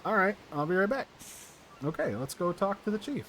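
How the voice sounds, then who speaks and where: A man's voice: sits high, big pitch swings, brisk, fairly bright tone, slight background noise. A man voicing his own hero in a game playthrough in a jokey, playful way.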